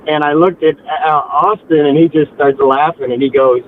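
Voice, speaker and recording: A man calling in to a talk show, telling a story with animated asides and mimicking relatives. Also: on the high side, normal speed, few pauses. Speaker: caller. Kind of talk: casual phone-in chat. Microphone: phone. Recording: tinny phone line with faint hiss.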